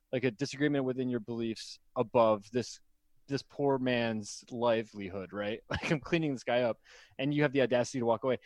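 A man's voice: mid-range voice, a little mellow, dry recording. A young man from Iowa co-hosting a comedy podcast in casual banter, laughing often. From Iowa, USA. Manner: laughs often, acts out quoted people.

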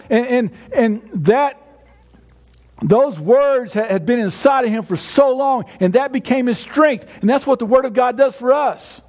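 High-voiced preacher man. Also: animated, normal speed, darkish tone. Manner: conversational preaching with frequent stammered restarts. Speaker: pastor. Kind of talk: sermon.

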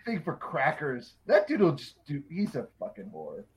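A man's voice: on the high side, wildly swooping pitch, brisk. A man in casual chat, trading crude jokes and blunt banter.

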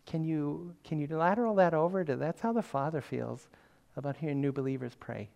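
A man's voice: on the high side, a little fast, vocal fry, a little mellow. Older man preaching conversationally. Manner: conversational storytelling, self-deprecating humor. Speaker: pastor. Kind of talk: sermon.

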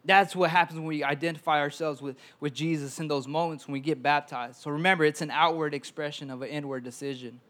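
A young man preaching a sermon in a loose, conversational way. His voice sits a bit high for a man. He often trips over his words and repeats them as he goes. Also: steady tone, fast talker, hardly any pauses, fairly bright tone. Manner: stammering repetitions, conversational preaching. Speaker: pastor.

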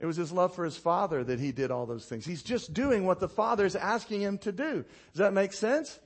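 A male pastor delivers a sermon, animatedly telling stories, laughing at his own anecdotes, and dropping his voice low and quiet to drive a point home while inviting responses from the congregation. He speaks fairly quickly, with a slightly rough quality.

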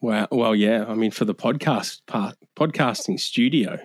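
A man's voice: lowish voice, normal speed, dry recording. An Australian man who guests on a podcast, chatting easygoing and laughing often. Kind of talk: casual podcast chat.

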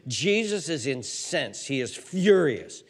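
A man's voice: medium pitch, very animated, takes it slowly, slightly rough. A man preaching a sermon as pastor, emphatic, repeating words and building lists of words that rise as he goes.

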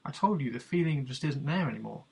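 A man voicing a worried married man at a seminar who asks for advice, with a gravelly, husky voice. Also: mid-range voice, expressive, quick pace, darkish tone, full character voice. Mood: insistent. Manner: worried, pleading.

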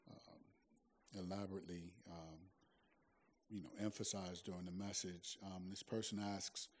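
Low voiced guy moderating church q&a, lots of um and uh. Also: expressive, moderate pace, slight background noise. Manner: hesitant, many fillers. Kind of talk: reading audience questions.

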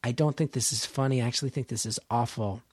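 A middle-aged man from New Jersey tells a story from his own life as a comedian guest in a conversation. He is animated, swears freely and acts out what other people said. His voice sits at an average pitch, and the recording is close and dry. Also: fast, slightly rough, no room sound.

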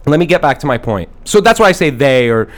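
A man's voice: medium pitch, big pitch swings, fast talker. A man hosting a podcast, riffing in character with a mock-grandiose, rambling and profane comedic rant recorded in a studio at night. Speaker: podcast host. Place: studio at night in a big city.

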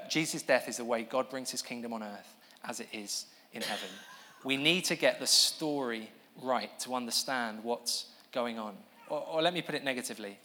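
A man's voice: mid-range voice, fairly bright tone. Man preaching in a reverberant hall. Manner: earnest, explanatory, with restarts and asides to the audience. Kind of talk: sermon. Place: church hall with an audience.

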